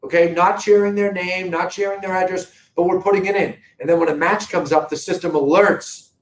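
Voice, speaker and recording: A middle-aged man with a Boston accent hosts a live video market update for a real estate company, addressing viewers in an earnest, emphatic sales manner. His voice sits high with a steady tone and a fairly quick pace. The recording is low quality in an echoey room.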